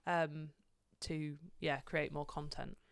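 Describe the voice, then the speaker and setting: A young English woman chatting as a podcast guest, her voice smooth and resonant. The sound is close and dry, and she talks in an easygoing way with hesitant fillers. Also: low-pitched, flat delivery, takes it slowly, no echo. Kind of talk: casual chat.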